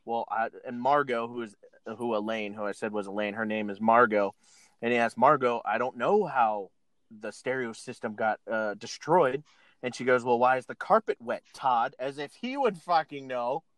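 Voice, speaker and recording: A podcast co-host casually recaps a film scene by scene, laughing a lot and acting out the characters' lines. He speaks at a moderate pace with a medium-pitched, slightly bright voice and no echo.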